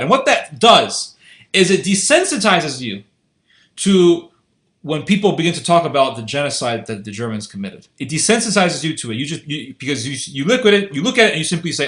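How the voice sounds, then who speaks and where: A man's voice: a little high, big pitch swings, a little fast, a bit bright, reverberant. A man giving an unscripted commentary monologue, earnest and insistent, who often repeats and restarts his phrases. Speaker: online video commentator.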